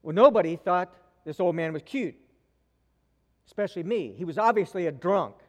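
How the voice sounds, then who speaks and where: A man preaching a sermon in a church, telling a story with slow dramatic pauses. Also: sits high, animated. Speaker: pastor. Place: church sanctuary. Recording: long reverb of a large church hall.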